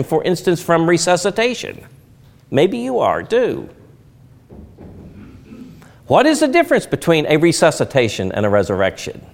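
A middle-aged man delivering a sermon, his voice sitting a little high for a man and leaping widely in pitch as he stresses points. He teaches by asking rhetorical questions and answering them himself. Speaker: preacher.

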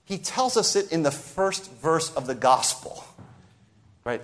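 A man preaching a sermon, talking straight to his listeners and acting out the voices in the story he tells. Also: a little slow. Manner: animated, sweeping pitch and loudness, acts out quoted voices.

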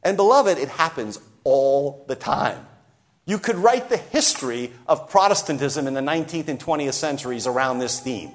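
A man preaching a sermon, talking straight to his listeners and acting out the voices in the story he tells. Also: normal speed. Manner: animated, sweeping pitch and loudness, acts out quoted voices.

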